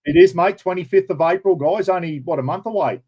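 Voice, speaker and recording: A man's voice: sits high, a little fast, husky, lo-fi sound. An Australian man hosting a casual live chat, rambling and chatty, calling everyone mate. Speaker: livestream host.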